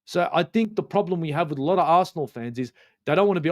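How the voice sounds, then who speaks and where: A man's voice: on the high side, expressive, fast talker. A man, ranting passionately about football on a live fan stream, swearing often and repeating his points for emphasis.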